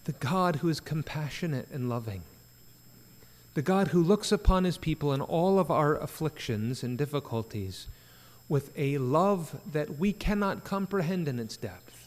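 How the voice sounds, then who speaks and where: A man's voice: a little high, expressive, moderate pace. Preaching man in a reverberant church. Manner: earnest preaching with emphatic rises. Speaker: pastor. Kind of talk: sermon at a prayer meeting. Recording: church sanctuary with long reverb.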